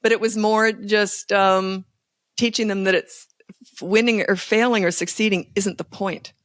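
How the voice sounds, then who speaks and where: A woman's voice: mid-range voice, steady tone, measured pace, fairly bright tone, no room sound, clean studio sound. A woman in her sixties, a parenting guest on a podcast, talking in a candid, self-deprecating way and laughing often. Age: 60s. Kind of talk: casual podcast interview.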